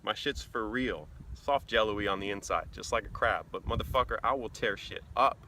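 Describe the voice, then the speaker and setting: A man explaining things casually in a blunt, animated and profane way. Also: fairly low pitch, normal speed, a little hiss or hum. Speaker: vlogger.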